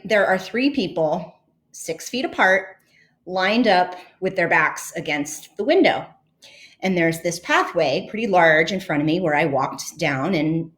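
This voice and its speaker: A woman podcast host and leadership coach telling a personal story in an earnest, reflective way, with fillers and restarts. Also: fairly low pitch.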